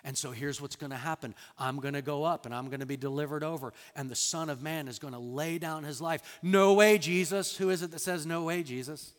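A man preaching a sermon as a pastor, animated, acting out quoted lines with sudden loud bursts and soft drops. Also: fairly high pitch, fairly quick, few pauses, big-room sound.

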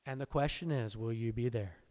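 A man preaching a sermon, swinging between hushed, intense lines and loud, exultant emphasis. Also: mid-range voice, a little fast. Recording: long hall reverb.

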